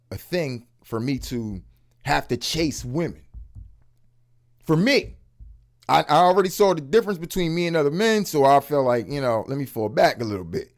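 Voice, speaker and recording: A man hosting a reaction commentary, talking in casual slang with profanity and swinging into loud emphatic outbursts. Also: on the high side. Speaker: commentary host.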